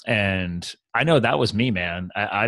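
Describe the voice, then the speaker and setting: A man's voice: on the low side, animated, measured pace, bright, forceful tone, no room sound. A man talking as a podcast guest, earnest and open, telling personal stories casually with lots of "man" and "like". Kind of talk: candid conversational storytelling.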